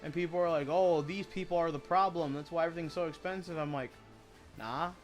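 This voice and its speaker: A man's voice: on the high side, fairly even intonation, fairly quick, faint music behind. A man chatting casually while he streams a video game, rambling and swearing as he retells stories.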